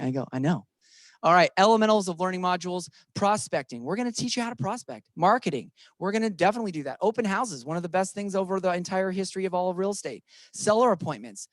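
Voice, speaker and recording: Lively man leading a training session. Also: high-pitched, no room sound, clean studio sound. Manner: playful, emphatic, talks to audience and online viewers. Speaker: real estate office trainer.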